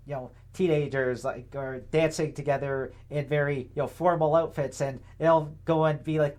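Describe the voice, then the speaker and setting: A young man with a somewhat high voice talks through political commentary in a loose, unscripted way. He rambles, leans on fillers and tag questions, and sounds sarcastic and indignant. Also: steady tone, normal speed, few pauses, a little mellow. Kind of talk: casual commentary monologue.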